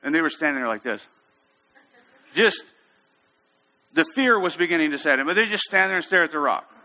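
A man preaching a sermon, telling a story with lively, acted-out quotes. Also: fairly high pitch, a little fast. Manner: storytelling, animated, acts out quotes. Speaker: pastor.

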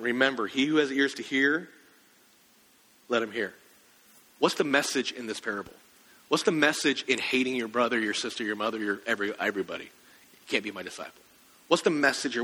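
A man's voice: medium pitch, bright, forceful tone, big-room sound. A man preaching a sermon as pastor, conversational and asking the congregation questions.

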